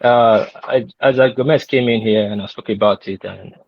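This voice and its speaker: A man's voice: lowish voice, fairly even intonation, moderate pace, creaky. A man talking heatedly on an online panel, insistent and repetitive, pressing his point over interruptions. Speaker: panel guest. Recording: lo-fi call audio.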